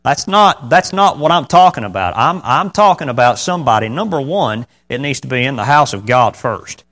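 A man's voice: mid-range voice, lively intonation, moderate pace, a bit bright. Man preaching a conversational sermon. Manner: conversational preaching with rhetorical questions; reads scripture in King James wording. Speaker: pastor.

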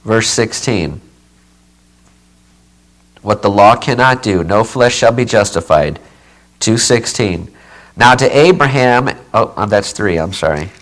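A man's voice: medium pitch, rough recording. A man preaching a Bible teaching sermon, emphatic and repetitive, often checking in with "okay". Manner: emphatic, repeats key phrases, checks in with okay; says he keeps yelling.

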